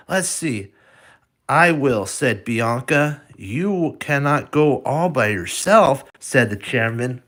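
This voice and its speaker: A man's voice: mid-range voice, lively intonation, fairly bright tone. A man reading a picture book aloud, stopping to point at the pictures and talk to the listener, with frequent restarts. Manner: halting, with restarts and asides to the viewer. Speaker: storybook reader.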